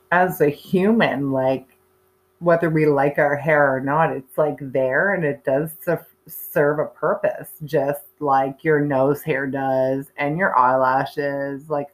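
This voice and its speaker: A woman's voice: sits low, poor audio. A woman, in her thirties or forties, candidly telling a personal story in a chatty way with many fillers and restarts. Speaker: speaker sharing her cancer story.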